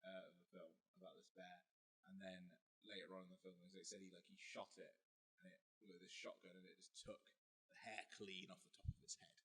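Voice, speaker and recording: A man's voice: low-pitched, little pitch movement, brisk, bright, forceful tone, slightly rough. A man co-hosting a casual podcast, teasing his friend and telling stories with plenty of laughs. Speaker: podcast co-host. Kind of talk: casual banter.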